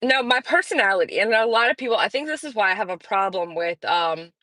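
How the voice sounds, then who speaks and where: A woman's voice: medium pitch, lively intonation, fast, sharp tone, no echo. Woman in her 40s as a chatty livestream host, sarcastic and rambling, dry close mic. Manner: blunt and sarcastic, rambling with fillers. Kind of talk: casual chat.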